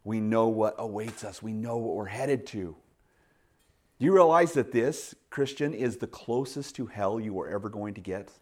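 Man, pastor, sermon, animated storytelling, sudden loud bursts, quiet asides. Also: lowish voice, moderate pace.

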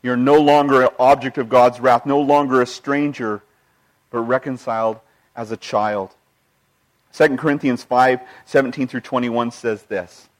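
An earnest male pastor delivering a sermon at a mid-range pitch. He reads scripture aloud and tells stories from his own life. His delivery swings between emphatic passages and quiet, hushed ones. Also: steady tone, normal speed. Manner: quotes scripture and retells personal stories.

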